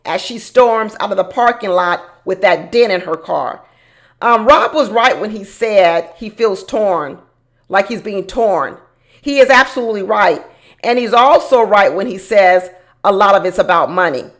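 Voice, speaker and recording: A woman's voice: medium pitch, expressive, a little slow. A woman hosting a casual reality TV recap, chatty and opinionated, talking straight to her viewers.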